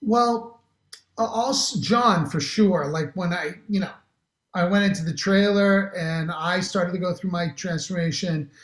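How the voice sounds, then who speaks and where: A man's voice: high voice, a little slow. Rambling middle-aged man in roomy echo. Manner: enthusiastic, rambling with many restarts. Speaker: actor guest. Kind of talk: casual interview chat.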